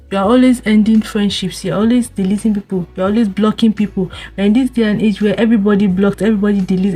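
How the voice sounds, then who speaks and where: Young woman vlogger with a husky voice, chiding and repetitive. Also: medium pitch, warm tone. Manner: scolding rhetorical questions, repeats words, frequent laughs. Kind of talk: casual advice monologue to camera.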